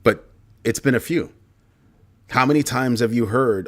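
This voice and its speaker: A man's voice: mid-range voice, measured pace. A man hosting a livestream commentary, talking emphatically, repeating key phrases for effect and answering viewer comments as he goes. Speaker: show host.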